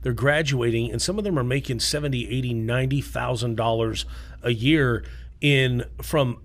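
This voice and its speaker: A man co-hosting a casual podcast chat, laying out advice emphatically. He often pauses to check in with a quick "okay?". His voice sits at an ordinary middle pitch. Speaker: podcast co-host.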